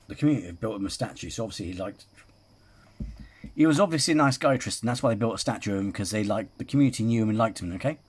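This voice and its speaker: A man's voice: on the low side, racing, a little mellow, husky. A man hosting a reaction video, chatting casually and rambling through asides and self-corrections as he comments on clips.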